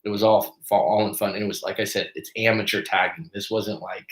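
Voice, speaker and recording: Brisk and lowish in pitch, this man's voice has a roomy sound as he coaches on a live stream. He spins a profane, casual tale, animatedly voicing the people involved.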